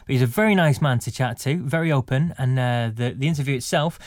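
Male podcast host, chirpy, laughs a lot, quick delivery, dry close sound. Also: medium pitch, no echo. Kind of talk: casual podcast chat.

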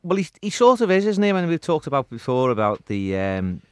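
A man on a football podcast panel, speaking in a measured, thoughtful way with hedges. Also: fairly high pitch, big pitch swings, smooth, no room sound, clean studio sound. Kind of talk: casual football chat.

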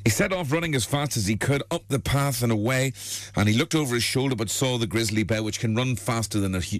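A man's voice: mid-range voice, no echo. A man, a radio host who tells jokes in a chatty way and laughs often. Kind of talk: joke telling on radio.

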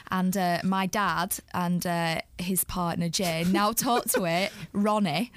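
A woman's voice: on the low side, fairly even intonation, slow, background noise. A woman co-hosting a radio show, chatting and reading out listener messages. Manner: chatty, reads listener texts. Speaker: radio co-host. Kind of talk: casual radio banter.

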